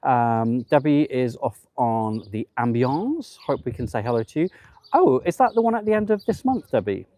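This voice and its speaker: A man's voice: medium pitch, very animated, moderate pace, warm tone. A man hosting a live travel stream outdoors on a promenade, gushing and chatty, reading viewer comments aloud. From United Kingdom. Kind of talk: casual live-stream chat.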